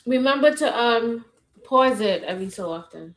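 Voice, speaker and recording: A woman co-hosting a live stream, chatting in a relaxed, offhand way while reacting to a video. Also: a little high, moderate pace, poor audio. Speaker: stream co-host. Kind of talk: casual chat reacting to a video.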